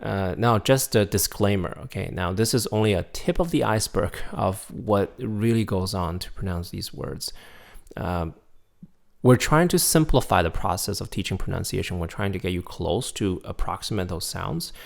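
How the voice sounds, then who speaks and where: A man teaching a recorded pronunciation lesson, drilling syllables clearly and patiently checking in with his students. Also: low voice, animated, moderate pace. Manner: patient, checks in often with "right?" and "okay?". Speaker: language teacher.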